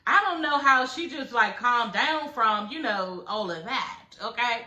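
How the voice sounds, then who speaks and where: A woman's voice: on the high side, expressive, unhurried, pushed and bright, echoey room, highs cut off. A woman recapping a reality show in casual, blunt, profane chat, laughing as she talks.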